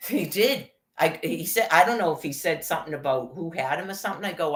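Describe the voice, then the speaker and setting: A woman's voice: low voice, expressive, fast talker, few pauses. An older woman vlogging an angry, profanity-heavy rant, agitated and quoting what others said to her.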